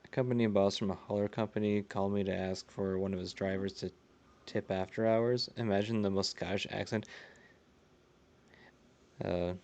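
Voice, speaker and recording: A man's voice: on the low side, fairly even intonation, moderate pace, long pauses, a little mellow. A man streaming a video game live, chatting casually, reading chat aloud and often laughing.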